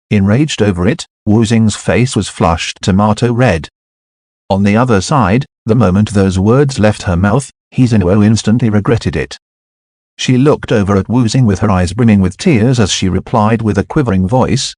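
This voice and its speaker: A man narrating a web novel as an audiobook, measured and even. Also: lowish voice, no echo, clean studio sound.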